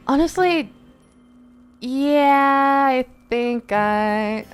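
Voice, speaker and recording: A woman's voice: high voice, animated, extremely slow, faint music behind. A tired young woman streamer chatting casually, rambling with lots of fillers and laughs.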